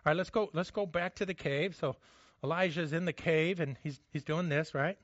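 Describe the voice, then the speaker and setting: A man preaching with a fairly high voice, telling a scripture story with lively energy. He drops to a hush for the quiet moments. The sound is dry and a little dull. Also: normal speed, no room sound. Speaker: pastor. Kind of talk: sermon.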